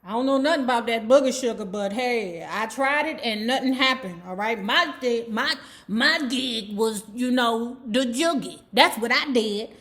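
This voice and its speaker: A woman's voice: fairly high pitch, normal speed, few pauses, a bit bright, lightly acted. A woman doing a blunt, laid-back old soul singer. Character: aging male soul singer, gruff and blunt.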